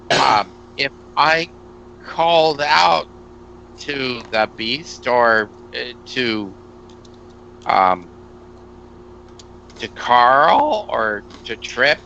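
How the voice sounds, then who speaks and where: A man playing a tabletop game on a live stream, blunt and swearing, with drawn-out hesitations, on dull lo-fi stream audio. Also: mid-range voice, sing-song, creaky, sharp tone, a little hiss or hum. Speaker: player.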